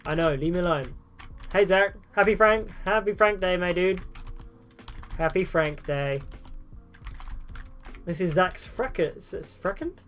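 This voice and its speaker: A man's voice: high voice, normal speed, a bit bright. A man chatting casually on a live game stream at home, answering chat in a self-mocking way.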